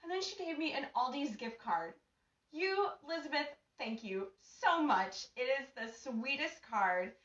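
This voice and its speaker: A bubbly woman hosts a live cooking show from her home kitchen, her high voice bright and cheerful. She is picked up from a distance in an echoey room, and the sound is a little dull. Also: animated, unhurried. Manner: bubbly and gushing, greets viewers by name.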